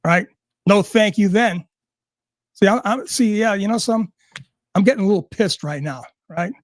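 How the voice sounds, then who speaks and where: A man's voice: high-pitched, normal speed, dry recording, clean studio sound. A man ranting angrily and sarcastically, swearing at almost every turn. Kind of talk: profane rant.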